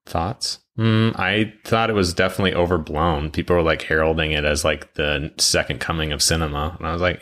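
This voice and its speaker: A young man co-hosting a podcast in casual chat, telling stories with swearing and sudden high mocking voices. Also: brisk, few pauses. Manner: animated storytelling, swearing, jumps into high mocking voices for quotes. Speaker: podcast co-host.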